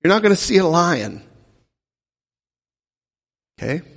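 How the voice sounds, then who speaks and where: A man with a fairly high, gravelly voice delivers a teaching sermon. He keeps it conversational and throws questions at his listeners. His voice rings with the long reverb of a big hall. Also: sing-song, takes it slowly, a bit bright. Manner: conversational, asks the audience questions. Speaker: pastor teaching a Bible class.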